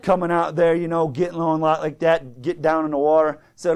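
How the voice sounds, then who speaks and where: A man preaching with fervor and a high-pitched voice, his delivery climbing from quiet asides to loud exclamations. He reads old-English scripture aloud between points. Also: flat delivery, brisk, hardly any pauses, smooth. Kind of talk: sermon.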